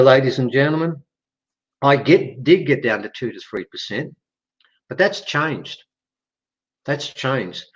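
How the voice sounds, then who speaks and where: An Australian man speaking as a podcast guest, telling a story with lively back-and-forth quoted dialogue. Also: medium pitch, muffled recording. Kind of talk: animated storytelling in conversation.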